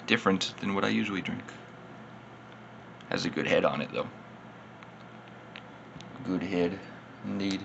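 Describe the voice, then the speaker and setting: Dude a few beers in, rambling beer review, gravelly voice, faint hiss. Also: male voice, low voice, a little slow, pauses often, muffled recording. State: slightly tipsy. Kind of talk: casual beer tasting vlog.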